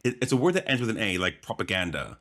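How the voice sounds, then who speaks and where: A man's voice: on the low side, big pitch swings, quick pace, bright, forceful tone. A man co-hosting a podcast in casual chat, rambling and hesitant as he searches for words. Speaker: podcast co-host.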